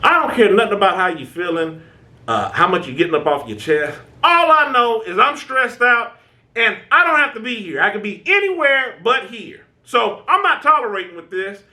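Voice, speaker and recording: A man hosting a self-help channel talks in a high, sing-song voice that sounds pushed and bright, at a moderate pace. His informal American delivery is conversational and preachy, full of stammering restarts and frequent "right?" checks.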